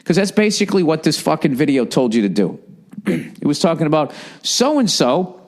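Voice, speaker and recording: A middle-aged man from Boston hosting a podcast, ranting casually and profanely, swinging between loud gripes and low muttering. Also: big pitch swings, moderate pace. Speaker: podcast host. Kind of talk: casual comedic podcast rant.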